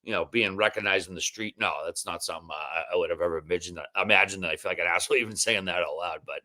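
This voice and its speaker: A man in his fifties with a Boston accent and a gravelly voice, a podcast guest in casual chat, joking and ribbing his hosts. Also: low-pitched, fast, sharp tone. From Massachusetts. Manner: joking, self-deprecating, ball-busting banter.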